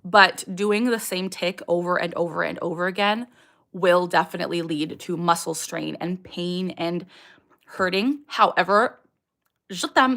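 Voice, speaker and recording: A woman's voice: on the low side, creaky, a bit bright. A young woman hosting a casual livestream, answering viewer questions candidly, with frequent ums and sudden vocal tics. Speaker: livestream host.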